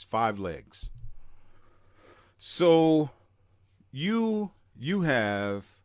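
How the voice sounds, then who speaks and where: Slow, emphatic man hosting a live podcast. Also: mid-range voice, dry recording, studio quality. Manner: emphatic, greets listeners in chat by name. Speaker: podcast host.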